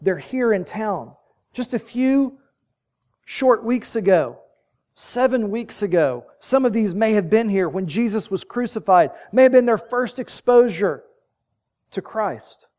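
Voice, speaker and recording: A man's voice: sits high, lively intonation, unhurried, darkish tone. A man preaching a sermon, telling the story vividly and building to emphatic peaks.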